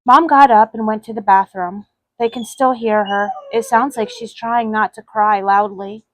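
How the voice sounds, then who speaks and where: Woman softly reading her own sad story. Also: medium pitch, steady tone, normal speed, no echo, poor audio. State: voice cracking with emotion.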